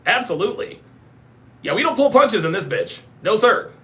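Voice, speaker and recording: A man's voice: high-pitched, sing-song, normal speed, sharp tone. A man hosting a live reaction stream, joking crudely, laughing often and reading chat aloud. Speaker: host of a dating-show reaction stream.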